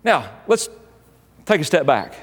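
High-voiced preacher in an echoing church. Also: male voice, sing-song, measured pace, slightly rough. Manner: emphatic preaching with repeated phrases. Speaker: pastor. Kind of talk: sermon.

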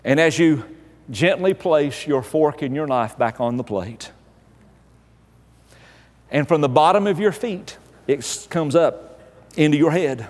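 A man delivers a humorous sermon with a notably high-pitched voice, building his story with emphatic, animated energy. His words ring out with a long reverberant tail from a large church hall. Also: measured pace, pauses often. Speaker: pastor.

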